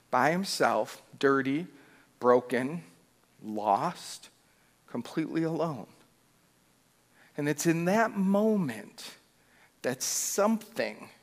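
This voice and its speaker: Male pastor, storytelling sermon, fairly high voice, long church reverb. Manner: storytelling, expressive, self-deprecating humor. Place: church sanctuary.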